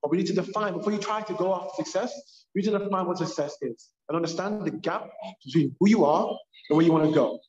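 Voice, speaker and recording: Fast-talking London man, echoey. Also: high voice. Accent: London English. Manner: animated, emphatic storyteller. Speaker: purpose coach, podcast guest. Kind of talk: casual podcast conversation. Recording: echoey, dull lo-fi sound.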